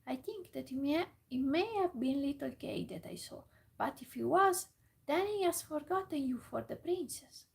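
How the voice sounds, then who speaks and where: A woman voicing a kindly, talkative male crow in a whispered role-play, eager and halting. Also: sits high, lively intonation, vocal fry.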